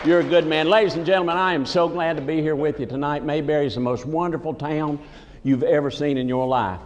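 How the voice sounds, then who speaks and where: A comedic entertainer with a Southern US accent, in folksy character, tells comic stories to a live audience in a large conference hall and teases people in the crowd. He talks fast in a fairly high voice with fairly even intonation. The echoey recording has the highs cut off and slight background noise.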